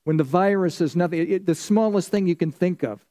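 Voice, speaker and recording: Man, Bible study teacher, slightly high, mellow voice, conversational, quizzes the class. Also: a little fast. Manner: conversational teaching, asks the class questions and answers them. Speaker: pastor. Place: church.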